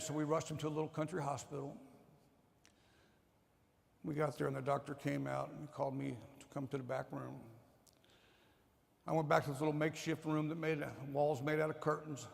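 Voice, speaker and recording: Testimony speaker: man, fairly high voice with gravel, emotional storytelling, long church-hall reverb. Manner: emotional storytelling, swings from loud to hushed. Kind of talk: sermon testimony. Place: church sanctuary.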